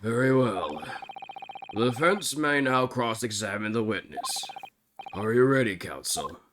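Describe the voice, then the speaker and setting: A man voicing a stern, formal courtroom judge with measured, stately diction, game music behind. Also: mid-range voice, animated, noisy background, lightly acted. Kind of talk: game dialogue read aloud.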